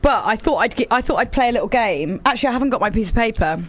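Brief: female radio host, quick banter, teasing and giggly, slightly high voice. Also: lively intonation. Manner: chatty, teasing, laughs often. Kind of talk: casual on-air banter.

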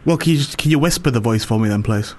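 A man talks in a loose, casual chat. He needles and teases the people he talks to, pressing the same questions again and again with a prankster's grin in his voice. His pitch sits in a middle range. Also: quick pace. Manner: teasing, pushy prankster.

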